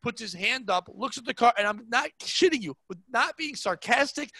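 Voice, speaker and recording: High, bright-voiced man telling a rambling story. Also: moderate pace, creaky, hardly any pauses, husky, no room sound. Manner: rambling, animated storytelling with frequent "like". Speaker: comedian guest. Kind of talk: casual storytelling chat.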